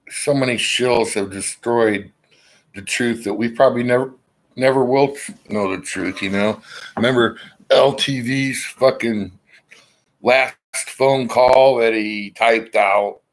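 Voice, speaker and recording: A man's voice: medium pitch, slow pace, pauses often, rough recording. A man rambling in a casual monologue to his viewers, suspicious in tone and swearing freely, with hiccups breaking in now and then. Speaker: vlogger.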